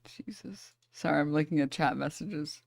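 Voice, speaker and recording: A woman's voice: on the low side, expressive, normal speed. A woman streamer reacting to a clip, talking sarcastically and laughing often. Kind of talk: casual reaction commentary.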